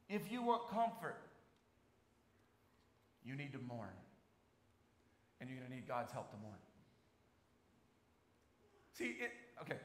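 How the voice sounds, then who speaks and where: A male pastor delivering a sermon in a church, telling personal stories and shifting between soft and emphatic delivery. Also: mid-range voice. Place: church sanctuary. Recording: echoey church hall, faint noise.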